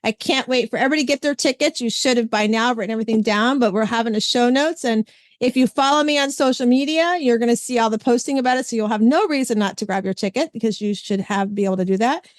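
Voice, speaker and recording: A woman hosting a podcast, chatting casually and retelling stories with lively quoted voices. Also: fairly high pitch, quick pace, no echo, clean studio sound. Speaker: podcast host. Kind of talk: casual chat.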